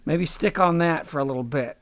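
Male comic host: high-pitched, sarcastic, crude rambling rants, dry close sound. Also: fairly quick, no room sound. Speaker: podcast host. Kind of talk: comedic rant.

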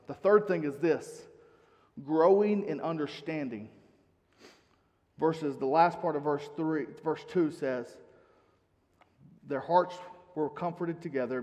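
A man's voice: fairly high pitch, long reverb tail. A male pastor giving a sermon in a conversational way, reading scripture aloud.

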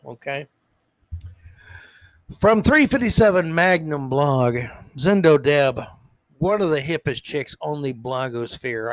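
A man's voice: mid-range voice, no echo. Sarcastic, ranting male podcast host. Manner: sarcastic, emphatic, stumbles over words. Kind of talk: ranting political commentary.

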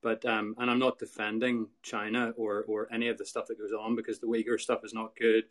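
A man speaking as a guest in a casual live audio chat, halting and searching for words. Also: on the low side, little pitch movement.

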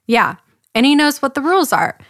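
A woman's voice: high-pitched, sing-song, fairly quick, fairly bright tone, no room sound, clean studio sound. A young woman co-hosting a podcast, chatting casually and laughing often as she recounts a story's plot. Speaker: podcast co-host. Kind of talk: casual chat.

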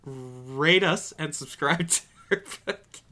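A man's voice: fairly high pitch, takes it slowly, pushed and bright. A man co-hosting a podcast, chatting casually with joking asides. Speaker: podcast co-host. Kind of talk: casual chat.

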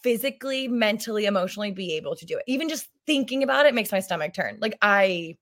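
A woman's voice: mid-range voice, expressive, fast, a bit bright. A woman in her thirties, a podcast guest in casual chat, rambling and restarting her sentences, often breaking into laughs.

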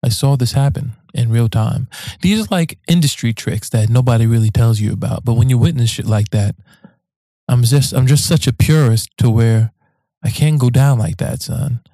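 A man's voice: mid-range voice, moderate pace, mellow, dry recording. A man hosting a podcast, reading listener emails aloud in a loose, slangy way with frequent swearing and joking asides.

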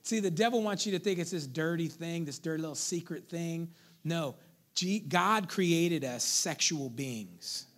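High pitched preacher guy, chatty sermon, keeps asking the church to stay with him. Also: expressive, a little slow, a bit bright. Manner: conversational, playful preaching with call-outs to the congregation. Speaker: pastor.

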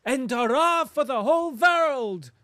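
A man voicing a merry German farmer who greets and cheers loudly. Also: very high-pitched, expressive, measured pace, no room sound, clean studio sound, pitched above the performer's own voice, heavily acted. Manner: jolly, cheering.

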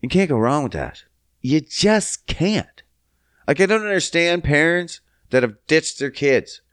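A young adult man from Canada hosting a solo comedy podcast, profane and sing-song, jumping up high for silly bits. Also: animated, normal speed, fairly bright tone, smooth, no echo, studio quality. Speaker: podcast host.

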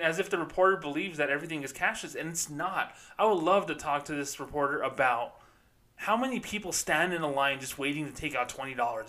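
A man's voice: on the high side, pushed and bright. A man hosting a podcast, ranting sarcastically and with profanity about banking, speaking as a former bank employee. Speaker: podcast host. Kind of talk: ranting commentary.

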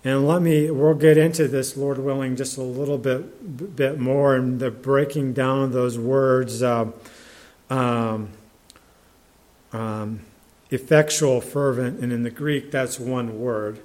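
Preaching in a halting, conversational manner, a man keeps restarting and using fillers, and he reads scripture aloud in older English. His mid-range voice is slightly mellow with fairly even intonation.

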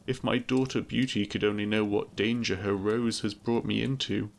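A man's voice: lowish voice, steady tone, moderate pace, gravelly, a little hiss or hum. A man doing a terrified pleading merchant. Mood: despairing. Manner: begging and anxious.

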